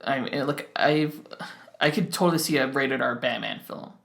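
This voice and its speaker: A man's voice: medium pitch, normal speed, creaky, fairly bright tone, roomy sound. A young man co-hosting a podcast in casual chat, rambling with many restarts. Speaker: podcast co-host.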